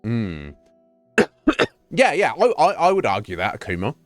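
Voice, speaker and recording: Male livestreamer, mid pitch, casual profane rants with repeats and laughs, dry close sound. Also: a little slow, dry recording, soft background music. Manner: animated, profane, repeats words, laughs often. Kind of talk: casual ranting chat while gaming. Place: home streaming setup.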